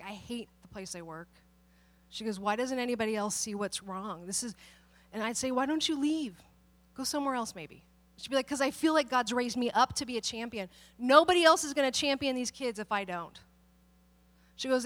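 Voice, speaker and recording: A woman pastor preaching in a relaxed, conversational way, with a high voice. She tells stories and acts out the people in them, with laughs and asides. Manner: animated storytelling, acts out quoted people. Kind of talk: conversational sermon.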